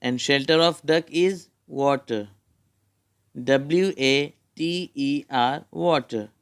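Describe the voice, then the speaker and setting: A man with an Indian English accent teaches a spelling lesson to young children. He speaks very slowly and deliberately, naming each letter in turn. His voice is smooth and clear. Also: mid-range voice.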